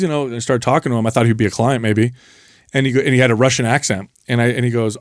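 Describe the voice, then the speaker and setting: Podcast host guy, lively storyteller, dry studio sound. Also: mid-range voice, racing, no echo. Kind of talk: casual chat.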